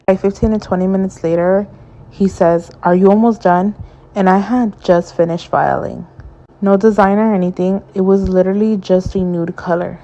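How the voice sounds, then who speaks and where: A woman's voice: on the low side, warm tone. A woman nail tech telling a storytime about a client in a plain, matter-of-fact way, on a dull lo-fi recording. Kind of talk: storytime vlog.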